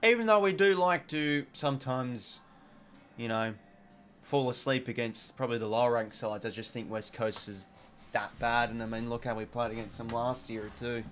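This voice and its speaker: A man's voice: mid-range voice, normal speed. An Australian man hosting a live football watch-along, commentating casually and chatting with viewers. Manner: chatty, reads chat aloud, excited on goals. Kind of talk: casual play-by-play commentary and chat.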